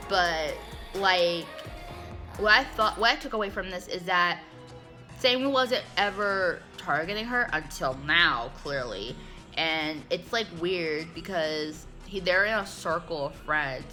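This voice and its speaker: Host, woman, casual sarcastic recapper, clear music bed underneath. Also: on the low side, lively intonation, unhurried, sharp tone. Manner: sarcastic, chatty, lots of "like".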